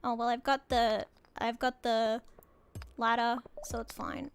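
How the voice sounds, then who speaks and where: A woman's voice: fairly high pitch, level tone, a little slow, soft background music. A young Australian woman chatting casually while streaming a game, rambling and giggling as she talks. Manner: rambling, giggly, self-interrupting. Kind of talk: casual gaming stream chat.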